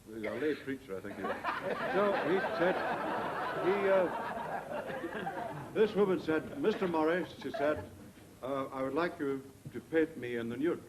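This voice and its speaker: A man on a comedy panel telling an anecdote in a dry, meandering way. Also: fairly high pitch. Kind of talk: telling stand-up jokes. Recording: loud-hiss old TV archive recording.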